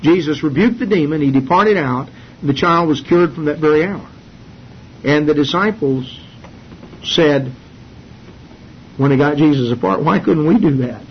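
A man teaching a sermon from the Bible, earnest and halting, with many fillers and restarts. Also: fairly high pitch, lively intonation. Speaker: preacher. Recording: dull lo-fi sermon recording with faint hiss.

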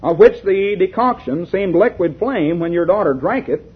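A preacher voicing a patient medieval physician, high lively voice, husky, phone-like audio. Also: male voice. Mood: earnest. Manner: measured, reading aloud. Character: wise old medieval physician, calm and patient. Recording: lo-fi tinny recording.

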